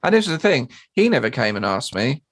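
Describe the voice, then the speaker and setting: A man tells a story on a casual podcast, his pitch leaping around as he talks. He swears freely and jumps into high, squeaky impressions of other people. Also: quick pace. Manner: animated, sweary, mimics people in high voices. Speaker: podcast co-host and drummer.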